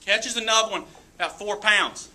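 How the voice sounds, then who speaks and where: A man giving a motivational talk to a live audience, telling a story in an animated way with frequent laughs. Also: sits high, moderate pace, a little hiss or hum. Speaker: motivational speaker. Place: event room with an audience.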